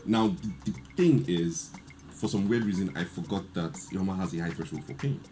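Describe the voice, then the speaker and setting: A man, telling a lively story in casual chat and acting out the quotes. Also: low-pitched, moderate pace, soft background music. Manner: animated storyteller, laughs often, acts out quotes. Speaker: podcast guest.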